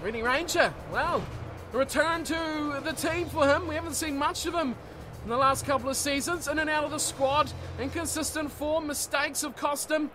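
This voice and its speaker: A very high-voiced man calls rugby play-by-play for a video game. He shouts as the big plays unfold and calms down to sum them up. Loud music plays underneath his commentary. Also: normal speed. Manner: surges into shouting on big plays, calmer in analysis.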